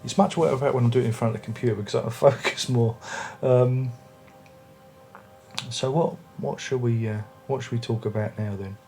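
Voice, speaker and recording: A man's voice: mid-range voice, fairly even intonation, normal speed, darkish tone, soft background music. A man reviewing an album at home, chatting casually with lots of restarts. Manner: rambling, chatty, many restarts. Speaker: music review vlogger. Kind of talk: casual chat. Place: home room with record player and speakers.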